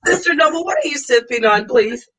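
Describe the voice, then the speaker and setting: A woman's voice: sits high, animated, fairly quick, poor audio. A woman from Phoenix, Arizona hosting a casual online talk stream over a video call, playful and laughing. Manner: playful, laughing, warm greetings. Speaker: host.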